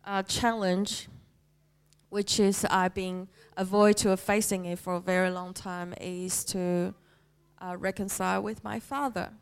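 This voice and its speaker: Slow, halting woman sharing a testimony. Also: mid-range voice, flat delivery, vocal fry, smooth. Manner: halting, heartfelt, with many pauses and fillers. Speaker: church member sharing a testimony. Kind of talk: personal faith testimony.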